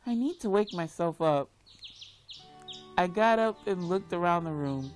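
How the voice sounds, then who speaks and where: A woman reads a video game aloud and reacts to it with loud, dramatic outbursts. Her voice swings widely in pitch, and her pace is slow and unhurried. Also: animated, soft background music. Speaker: gamer reading a game aloud. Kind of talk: let's play reading and reacting.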